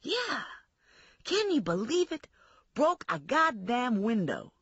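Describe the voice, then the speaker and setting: A woman voicing a crude, foul-mouthed, sleazy young man who rants and swears, with a husky voice. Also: fairly high pitch, huge pitch swings, slow pace, no room sound, muffled recording, voice pushed up, exaggerated voice. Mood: ranting. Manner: agitated, swearing, ranting.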